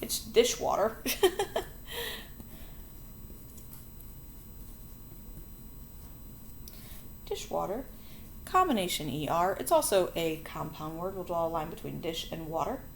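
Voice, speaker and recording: A woman's voice: fairly low pitch, lively intonation, moderate pace, creaky, a little hiss or hum. A woman teaching a phonics lesson to children, explaining board work patiently and chattily, correcting herself as she goes.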